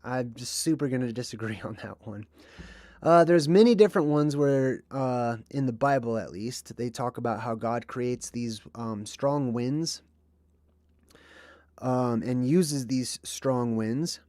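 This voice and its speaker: A man's voice: medium pitch, measured pace, mellow, no room sound. Dry-voiced man rambling on a livestream. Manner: rambling and conversational, with frequent ums and asides. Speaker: livestream host. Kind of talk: casual livestream talk.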